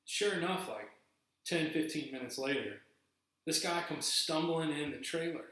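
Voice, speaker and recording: A man's voice: fairly high pitch, moderate pace, heavy reverb, low-quality recording. A man hosting a podcast, telling stories casually and acting out the people in them. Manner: animated, acts out quoted people in raised voices. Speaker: podcast host. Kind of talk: casual storytelling.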